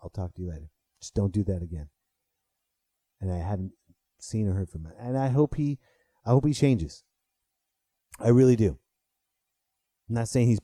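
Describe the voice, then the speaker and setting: A man's voice: low voice, dry recording, clean studio sound. A man in his thirties, a stand-up comic hosting a podcast, telling a story in a casual monologue and swearing freely as he gets riled up. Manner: animated, swearing, rises sharply when riled. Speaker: podcast host and stand-up comedian.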